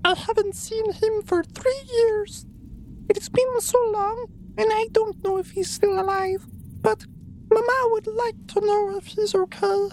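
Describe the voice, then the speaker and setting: Brief: a tiny bug-creature girl, squeaky-high, crying and begging. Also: steady tone, unhurried, darkish tone. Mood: sad. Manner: sobbing, hesitant and pleading. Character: tearful little bug-person girl, timid.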